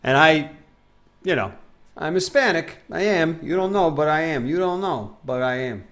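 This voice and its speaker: A man's voice: on the high side, expressive, normal speed, a bit bright. A young man streaming a game live, chatting casually with his viewers and rambling, self-mocking, often trailing off into mumbles.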